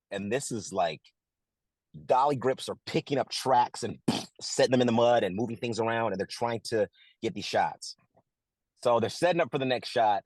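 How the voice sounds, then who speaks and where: A middle-aged man, an actor who also directed, telling a casual story in an interview, lively and full of restarts. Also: on the low side, dry recording. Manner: animated, acts out quotes, many restarts.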